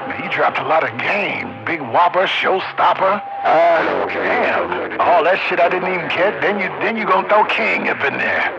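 A man's voice: on the high side, expressive, normal speed, creaky, over loud music. A man chatting and joking with fellow truckers over CB radio, teasing them and laughing often. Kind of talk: casual CB radio chat. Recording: muffled CB radio with loud static.

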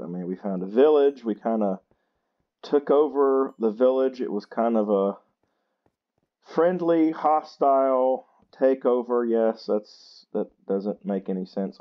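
A tired man, chatting slowly and poking fun at himself while he plays a game. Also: on the low side, animated, highs cut off. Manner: slow, chatty and self-mocking. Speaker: gaming channel host. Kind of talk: casual gameplay commentary.

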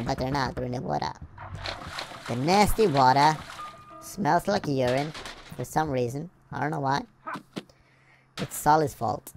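A woman giving playful, goofy game commentary, rambling along and breaking into sudden high squeals and shouts. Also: slow, long pauses. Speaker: gameplay video creator. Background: game music.

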